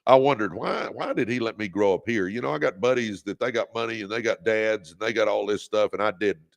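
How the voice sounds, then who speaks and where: Man host, gravel in the voice, preachy motivational livestream delivery. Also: lowish voice, a little fast. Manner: preachy, exhorting, leads call-and-response; reads out viewer comments. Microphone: phone or webcam on a livestream.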